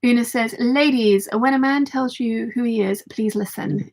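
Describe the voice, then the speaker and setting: Woman, sewing livestream host, croaky, husky, gravelly, casual chatty delivery. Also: on the high side, moderate pace, few pauses, darkish tone. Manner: chatty, reads viewer comments aloud. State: slightly croaky voice.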